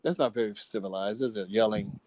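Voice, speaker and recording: A man's voice: fairly low pitch, a little fast, darkish tone, no room sound, low-quality recording. Contrary male co-host, dry sound. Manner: playfully contrary, repeats himself while arguing. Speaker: podcast co-host. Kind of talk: casual chat.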